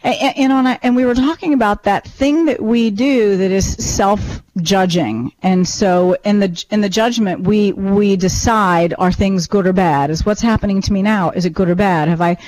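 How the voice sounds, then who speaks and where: A woman talking in a relaxed conversational way, reflecting thoughtfully as she shares ideas and anecdotes. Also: medium pitch, moderate pace, no echo, rough recording. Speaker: podcast co-host and teacher. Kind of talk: casual chat.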